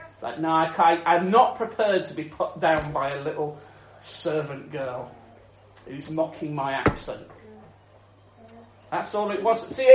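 A man preaching a sermon in an animated storytelling manner, chuckling often and restarting his sentences. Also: sits high, echoey room, rough recording.

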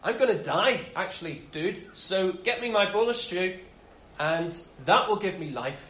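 A man's voice: sits high, lively intonation, a little slow, fairly bright tone. A man voicing a hungry, careless young man who talks bluntly in casual slang. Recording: roomy, dull sound.

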